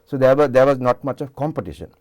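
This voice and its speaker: A man's voice: medium pitch, animated, fast, darkish tone. An older man with a Sri Lankan English accent, a singer telling rambling stories in a television interview with many restarts. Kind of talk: casual storytelling interview. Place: television studio.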